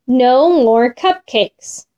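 A woman voicing a patient but firm mother who scolds calmly. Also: high voice, very slow, dull audio, exaggerated voice.

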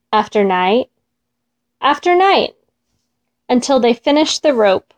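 A woman reads a children's folk tale aloud, gentle and expressive. Her voice is high, and her pace is slow. She draws out repeated words. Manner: gentle, expressive, drawn-out repetitions. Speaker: storyteller.

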